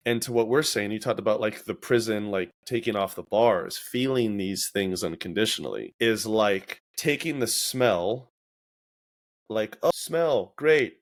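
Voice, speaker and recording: A man's voice: lowish voice, unhurried. A man hosting a casual podcast, talking reflectively and acting out his own inner voices as he tells stories. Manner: reflective, animated storytelling with acted-out inner voices. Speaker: podcast host.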